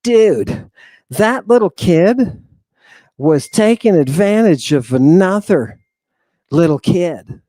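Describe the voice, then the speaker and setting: A man voicing a talking male serpent who speaks in slow, blunt, slangy lines. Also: sits high, expressive, warm tone, dry recording. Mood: casual.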